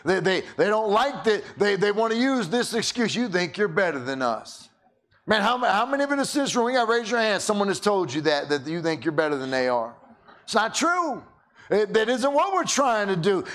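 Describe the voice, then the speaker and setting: A high-voiced man preaching in an animated, storytelling way. He keeps stumbling over the first words of his sentences and repeating them as he builds his point. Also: moderate pace. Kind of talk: sermon with storytelling.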